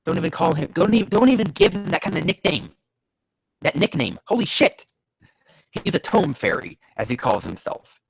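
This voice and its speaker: A man's voice: a little high, wildly swooping pitch, normal speed, gravelly, slightly rough, no room sound. A man reading bad fanfiction aloud and tearing into it with profane, exasperated commentary, his nose stuffy from allergies. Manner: sarcastic, profane, exasperated, erupting into yells. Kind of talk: ranting comedic commentary.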